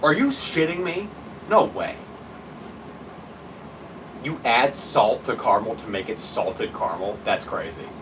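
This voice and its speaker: A man's voice: medium pitch, lively intonation, measured pace, long pauses, recorded from a distance, background noise. A young man streaming live, ranting to his chat in a casual, incredulous way and laughing as he goes.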